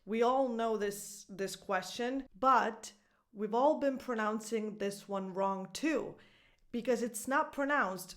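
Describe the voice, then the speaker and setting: A woman's voice: fairly high pitch, slow pace, a bit bright. A woman in her thirties, a native Italian speaker, teaching English pronunciation and stressing example phrases with an exaggerated sing-song. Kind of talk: pronunciation lesson to camera.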